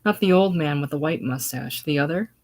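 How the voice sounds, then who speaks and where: A woman voicing a despondent young farmer, gentle and tired, speaking in a soft, subdued, deep-set voice. A solo play reading, low and quiet throughout. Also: a little fast. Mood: gloomy gentle.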